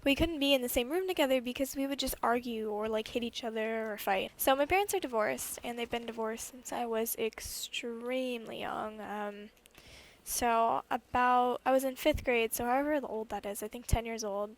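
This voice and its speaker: A woman's voice: fairly high pitch, moderate pace, a little hiss or hum. A young woman vlogger telling a personal story in a chatty way, with lots of fillers and the odd swear word. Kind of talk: casual storytime while gaming.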